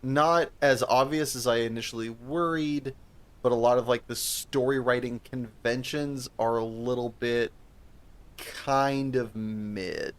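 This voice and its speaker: Talking loosely about a film on the podcast he co-hosts, this man curses a lot, wanders off track, and keeps starting over. He speaks at a measured pace in a medium pitch.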